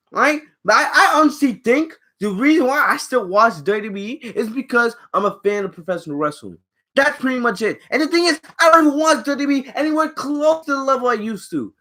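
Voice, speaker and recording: A man giving a casual video review rant, animated and repeating phrases for emphasis, often checking in with the viewers. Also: very high voice. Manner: keeps checking in with "all right?". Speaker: wrestling reviewer.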